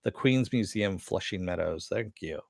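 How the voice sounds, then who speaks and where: A man's voice: deep voice, moderate pace, vocal fry, dry recording, studio quality. A man giving a rambling, casual spoken recap of a TV episode, full of "uh" and "you know" and offhand swearing. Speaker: TV episode reviewer.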